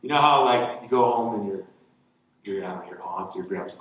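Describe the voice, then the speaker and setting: Man in his thirties, campus pastor, chatty sermon delivery, mid-pitched voice, recorded in a hall with strong echo. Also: fairly quick, a little hiss or hum. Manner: conversational, voice rising with excitement in the story. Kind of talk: sermon with personal storytelling. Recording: very echoey hall.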